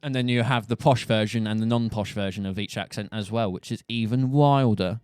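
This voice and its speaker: A man's voice: fairly low pitch, a little fast, darkish tone, clean tone, no room sound, faint music behind. A young man from England with a Southern English accent, joking and rambling in a casual monologue. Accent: Southern English, Buckinghamshire. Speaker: streamer.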